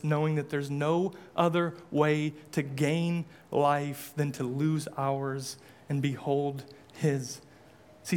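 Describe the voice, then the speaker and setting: Pastor guy preaching, high pitched, fervent, chatty asides. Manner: impassioned, rhetorical questions, conversational asides. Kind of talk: sermon.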